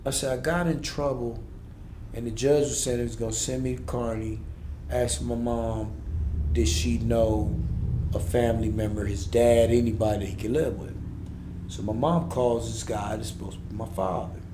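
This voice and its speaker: A man's voice: mid-range voice, steady tone, moderate pace, background noise. A man in his forties, a podcast guest, telling a raw, intense personal story in blunt street-inflected speech. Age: 40s. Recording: echoey room.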